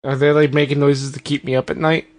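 A man's voice: a little high, level tone, quick pace. A man co-hosting a comedy podcast, reacting with incredulous questions in improvised chat. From Ireland. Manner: incredulous, asks many questions. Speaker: podcast co-host.

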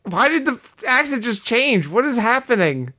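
A man's voice: very high voice, big pitch swings, moderate pace, sharp tone. A man hosting a comedy podcast who explains the rules and often sounds exasperated while laughing along. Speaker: podcast host. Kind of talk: casual comedy chat.

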